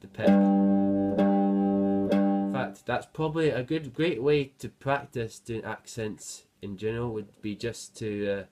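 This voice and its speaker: A man's voice: medium pitch, fairly even intonation, moderate pace, hardly any pauses, darkish tone. A man teaching a guitar lesson, counting beats aloud and explaining between passages, with some fillers. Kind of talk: music lesson. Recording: guitar playing behind voice.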